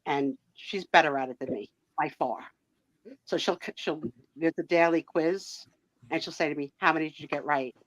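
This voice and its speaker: A woman's voice: deep voice, normal speed, dry recording. A woman hosting a live sale and chat, telling stories in a chatty way and laughing often. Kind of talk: casual chat. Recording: dull, dry lo-fi sound.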